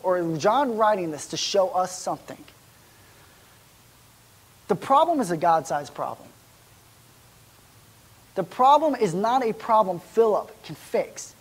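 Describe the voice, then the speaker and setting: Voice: mid-range voice, breathy edge. A pastor giving a sermon in a church, speaking in a casual, conversational way. The preacher keeps wondering aloud and putting rhetorical questions to the congregation.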